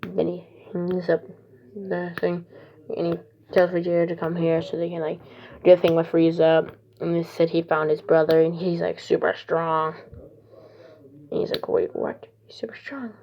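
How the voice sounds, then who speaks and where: Rambling gravelly woman storyteller. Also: lowish voice, completely flat delivery, moderate pace, pauses often. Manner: rambling, full of "he's like" and restarts. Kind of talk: casual improvised fan story. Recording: dull lo-fi recording.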